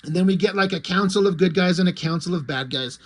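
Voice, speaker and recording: A man's voice: high-pitched, quick pace, fairly bright tone. A man casually reading through and reacting to a comic, rambling and amused, with many likes and ums. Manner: rambling, amused, lots of fillers. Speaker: comic reviewer.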